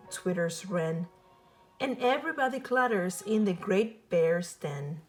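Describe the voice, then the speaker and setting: A woman reading a children's picture book aloud in a slow, expressive, sing-song way. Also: medium pitch, soft background music.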